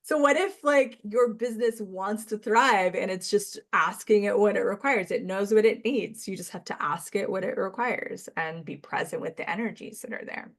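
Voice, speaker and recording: A woman's voice: mid-range voice, moderate pace, hardly any pauses. Chatty woman podcast guest. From Canada. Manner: chatty, acts out quoted dialogue, laughs often. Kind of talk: casual chat.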